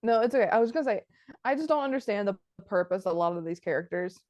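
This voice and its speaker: A woman's voice: medium pitch, expressive, fast, a little mellow, no echo. Woman chiming in on a podcast. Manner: chimes in with short corrections and asides. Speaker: podcast co-host. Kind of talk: casual movie recap chat.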